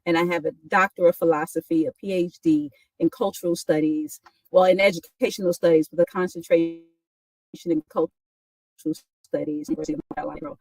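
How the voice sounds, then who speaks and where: Husky, reflective woman, slightly distant mic. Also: lowish voice, fairly even intonation, fast, darkish tone, no room sound. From New York. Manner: reflective, with many restarts and "right?" tags. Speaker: guest. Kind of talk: casual conversation.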